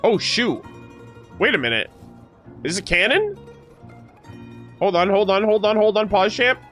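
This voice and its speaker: A man streaming a game, reacting and joking excitedly with his chat as he plays. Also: high voice, a little slow. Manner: excitable, jokey, talks to chat. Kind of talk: casual gameplay reaction commentary. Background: faint game music.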